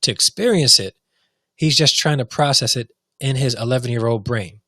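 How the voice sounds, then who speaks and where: A man's voice: medium pitch, moderate pace, pushed and bright, no room sound. Fired-up man ranting into a dry mic. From United States. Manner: heated, repetitive, restarts often. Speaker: show host. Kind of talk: impassioned commentary.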